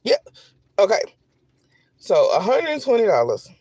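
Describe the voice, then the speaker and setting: A man content creator telling an animated, repetitive storytime straight to his viewers. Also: high-pitched, measured pace, breathy edge, no echo. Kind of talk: storytime vlog.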